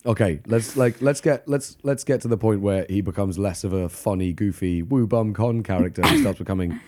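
A man with a lowish, darkish voice speaks briskly, with a little hiss or hum in the audio. Co-hosting a casual true-crime podcast, he jokes and swears while telling the story, breaking into laughter and mock voices.

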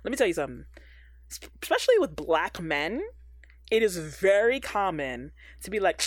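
Animated slangy woman hosting a chat. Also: on the low side, moderate pace, no room sound, studio quality. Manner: animated, slangy, laughs often. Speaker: podcast host. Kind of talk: casual chat.

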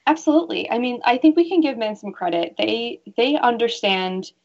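Heard through dull, lo-fi audio, a woman guest expert who fits bras talks on a relaxed radio show. Her fairly high voice is expressive, creaky, and darkish at a normal speed, and she earnestly performs the voices of people she quotes.

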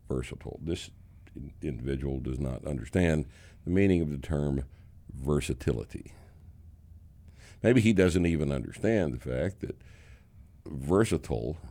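A man's voice: a bass voice, dark tone. A man hosting a podcast, sardonic and profane, mocking critics in casual banter. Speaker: podcast host.

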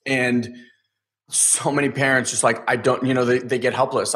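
Male host, bright forceful tone, casual chatty, lots of fillers. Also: medium pitch, flat delivery, normal speed. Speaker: podcast host. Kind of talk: casual interview chat.

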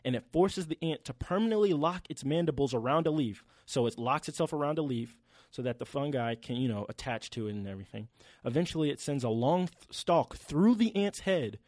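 A young man co-hosting a podcast, talking in an animated, slangy way and swearing freely. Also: on the high side, fairly quick, hardly any pauses, no echo. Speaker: podcast co-host. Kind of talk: casual chat.

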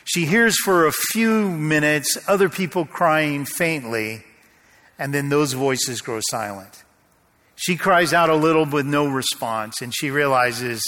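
A man preaching a sermon, telling a story and slowing to a hush at the tense moments. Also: on the high side, expressive. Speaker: pastor. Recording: long hall reverb.

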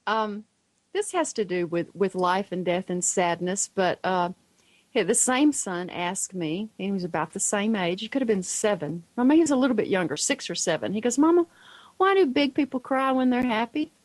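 A middle-aged woman, a guest on a radio show, tells family stories warmly and acts out the voices of the people in them. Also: medium pitch, moderate pace, no echo, low-quality recording. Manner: animated storyteller who acts out the quoted voices.

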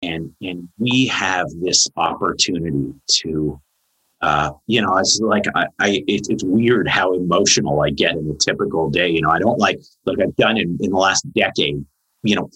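Low husky earnest man, rambling. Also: very animated, normal speed, bright, forceful tone, rough recording. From Canada. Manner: rambling, earnest, many fillers, high-pitched when quoting. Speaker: therapist guest. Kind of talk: casual podcast conversation.

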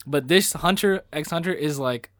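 A man's voice: fairly high pitch, normal speed, fairly bright tone, no echo, studio quality. A man in casual chat as a podcast co-host, laid-back and slangy, swearing easily.

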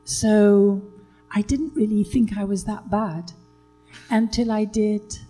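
Older woman from Britain, husky, mellow low tone, halting storytelling, faint music behind. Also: fairly even intonation, poor audio. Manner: hesitant, many fillers and restarts, breaks into laughter. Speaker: interview guest, actress. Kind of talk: relaxed anecdotal chat.

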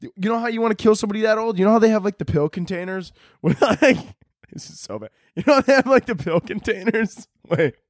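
A man's voice: sits high, expressive, quick pace, dry recording, clean studio sound. A young man hosting a podcast, delivering a crude, rambling comedic monologue and laughing at his own jokes. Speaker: podcast host.

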